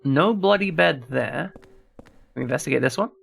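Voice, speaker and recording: A man's voice: on the high side, lively intonation, moderate pace, creaky, fairly bright tone. A man streaming a horror game, talking casually through a puzzle and chatting to his viewers as he plays. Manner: thinks aloud while solving a puzzle, chats to viewers. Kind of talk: casual gameplay commentary.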